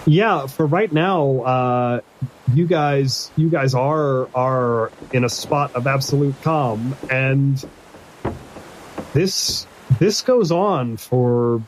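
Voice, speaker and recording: A man running a tabletop game as game master, narrating in a halting way with many restarts and fillers. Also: medium pitch, slight background noise, poor audio.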